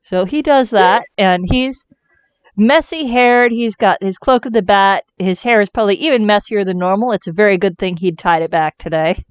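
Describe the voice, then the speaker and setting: A woman's voice: medium pitch, moderate pace, clear, resonant tone, no echo. A woman playing a tabletop game who explains her character in a thoughtful way. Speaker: player. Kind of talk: casual tabletop game play. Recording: slightly dull lo-fi audio.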